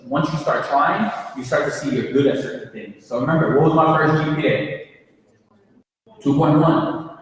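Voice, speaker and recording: Young man, twenties, alumni speaker to students, casual storytelling, distant mic in a reverberant hall. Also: medium pitch. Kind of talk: motivational talk to students. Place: large echoey hall. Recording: echoey hall from far off.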